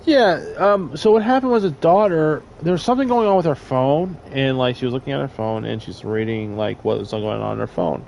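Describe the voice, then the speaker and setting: A man's voice: mid-range voice, a little fast, vocal fry, hardly any pauses, a little hiss or hum, rough recording. A young man telling a crude, rambling story in casual chat, trailing off with fillers. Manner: rambling, crude, loud laughing bursts.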